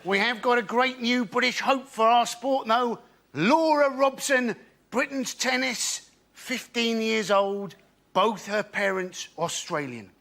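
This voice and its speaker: Slow, gravelly man doing stand-up. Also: very high voice, sharp tone, slight background noise. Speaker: comedian. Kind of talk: stand-up routine on a panel show.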